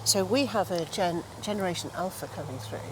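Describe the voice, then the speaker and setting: A woman's voice: on the low side, a little fast. A woman trainer talking through her views in an outdoor interview, emphatic, acting out quoted exchanges with a pointed tone. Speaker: trainer for estate agents, guest. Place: outdoors by a towpath with passing traffic. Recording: outdoor recording with clear street noise.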